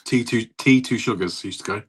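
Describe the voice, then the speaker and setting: Husky man telling stories. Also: lowish voice, a little fast. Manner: rambling, laughing storyteller who swears. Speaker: podcast co-host. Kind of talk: casual chat.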